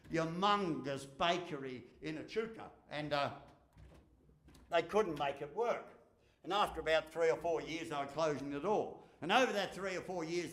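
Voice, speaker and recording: High-voiced Australian man giving a folksy speech. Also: fairly bright tone. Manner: folksy storyteller, swears casually, jokes, repeats phrases. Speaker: keynote speaker. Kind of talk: motivational speech. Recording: echoey hall.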